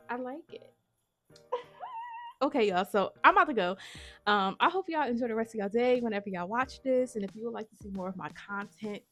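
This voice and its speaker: A woman vlogging about her writing, chatting casually and excitedly to her viewers and often calling them y'all. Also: medium pitch. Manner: gushing, excitable, says y'all a lot. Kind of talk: casual chat to camera.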